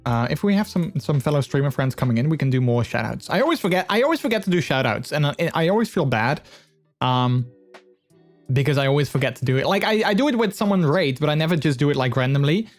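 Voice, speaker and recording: A man's voice: fairly high pitch, lively intonation, quick pace, faint music behind. A man streaming live and chatting casually with his viewers, giggly and talkative, speaking into a headset mic. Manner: chatty and giggly, many fillers and restarts.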